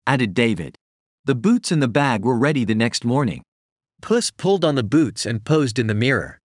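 Male storyteller, animated bedtime reading, dry close mic. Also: mid-range voice, normal speed, dry recording.

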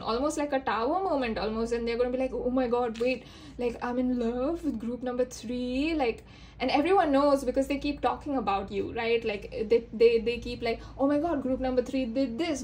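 A woman's voice: fairly high pitch, darkish tone, a little hiss or hum. A woman giving a casual spoken tarot reading, rambling with many fillers and acting out little quoted lines. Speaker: tarot reader.

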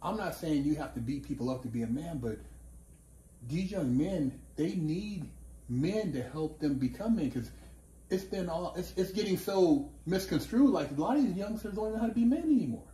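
Animated, laughing man, slightly high voice. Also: moderate pace. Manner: animated, laughing, swearing storyteller. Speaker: podcast host. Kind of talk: casual conversation. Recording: echoey room with faint ambience.

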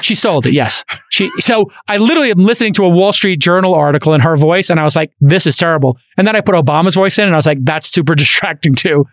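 A man with a Brooklyn accent hosts a podcast conversation, his voice sitting a touch high. He talks in an animated, rambling way, full of fillers and restarts. The sound is close and dry, from a studio microphone. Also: fast, few pauses, no echo. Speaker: podcast host. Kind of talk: casual interview chat.

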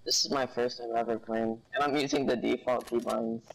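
A man's voice: medium pitch, flat delivery, fairly quick, gravelly, background noise. A man in an online game, chatting and teasing another player with lots of laughter.

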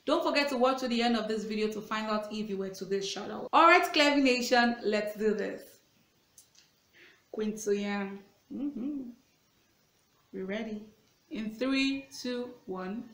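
A woman's voice: mid-range voice, normal speed, a bit bright, echoey room. A woman hosting a reaction video, talking in a gushing, enthusiastic fan manner.

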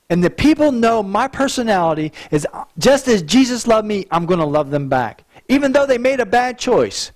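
A male pastor preaching a sermon in an earnest way, often repeating words as he restarts a thought. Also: very high voice.

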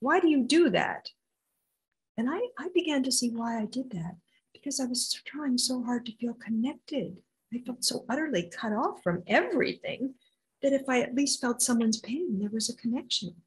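An older woman with a very breathy, husky voice tells her story in an interview. She talks at a slightly higher pitch, animated, and slips into the voices of the people in it. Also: moderate pace, rough recording. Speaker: intuitive healer guest.

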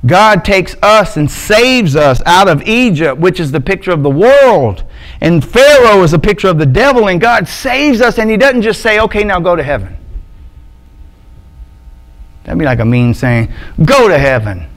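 Joking Alabama preacher, raised voice. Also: male voice, sits high, big pitch swings, normal speed, fairly bright tone, rough recording. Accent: Southern US, Alabama. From Montgomery, Alabama. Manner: joking, loose and conversational, with slang. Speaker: pastor. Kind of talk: casual sermon. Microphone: microphone with adjustable sound.

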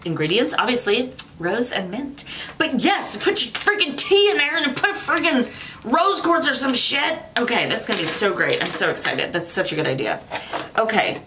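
A woman's voice: on the high side, animated, moderate pace, pushed and bright, a little hiss or hum. A middle-aged woman chatting casually through an unboxing, rambling off on tangents, laughing often and swearing casually. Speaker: vlogger.

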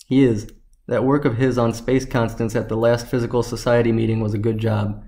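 A man reading the lines of a calm, dry-witted male scientist in a story, speaking with measured calm. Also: medium pitch, lightly acted.

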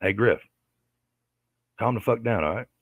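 Angry guy ranting and cussing, real low gravelly voice, dry close sound. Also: expressive, unhurried, no room sound, phone-quality sound. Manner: aggravated, profane, repetitive. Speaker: livestreamer. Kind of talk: angry commentary rant.

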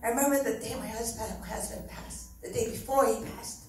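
A woman's voice: on the high side, steady tone, brisk, a little mellow, a little hiss or hum. A middle-aged woman giving an earnest, heartfelt church testimony, often laughing as she speaks. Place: church hall. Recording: very echoey hall, mic from far off.

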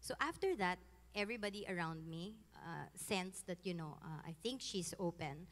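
Filipino woman in her 30s, animated storytelling with lots of laughs, big hall echo. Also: fairly low pitch, moderate pace. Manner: animated, switching between English and Tagalog, laughing often. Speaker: guest giving a faith testimony. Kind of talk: personal testimony, casual storytelling.

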